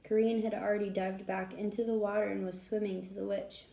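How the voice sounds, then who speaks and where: A woman reads a children's storybook aloud, steady and expressive, in a gravelly, mellow voice. The recording has a roomy echo around her. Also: medium pitch, fairly quick. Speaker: audiobook narrator. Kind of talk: storybook reading.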